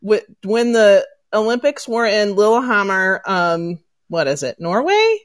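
A woman's voice: medium pitch, very animated, unhurried. A woman from the United States co-hosting a podcast, chatting casually, trailing off and laughing as she tells stories. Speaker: podcast co-host. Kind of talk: casual chat.

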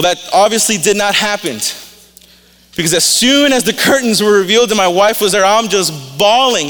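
A man's voice: high voice, a bit bright. A male pastor preaching a sermon in a casual, storytelling way, openly emotional. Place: church sanctuary. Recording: reverberant hall.

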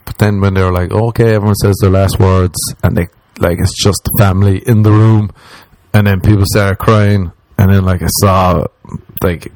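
A man's voice: little pitch movement, moderate pace, darkish tone, no echo, rough recording. A young man with an Irish accent, telling personal stories in casual talk, self-mocking and swearing freely. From Ireland. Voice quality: laid-back, self-mocking, swears freely, quotes himself in a low mutter. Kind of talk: casual storytelling monologue.

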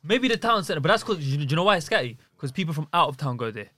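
A man from Watford, teasing and firing off quick quips in a casual podcast chat. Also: fairly high pitch, big pitch swings, pushed and bright, dry recording. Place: podcast studio.

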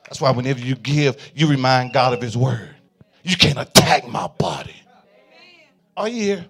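A male pastor preaching a sermon in a call-and-response style, swinging from quiet murmurs to fervent shouts. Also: medium pitch, animated, moderate pace, gravelly, slightly rough.

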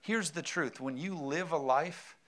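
A man's voice: a little high, unhurried, fairly bright tone. A man preaching a sermon, emphatic, with rhetorical questions and frequent amens. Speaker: pastor.

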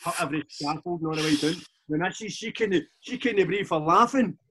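A man in his forties with a Glaswegian accent, a guest chatting casually in a halting, rambling way with many restarts. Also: on the high side, a bit bright, slight background noise. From Scotland. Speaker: podcast guest, DJ. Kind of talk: casual chat.

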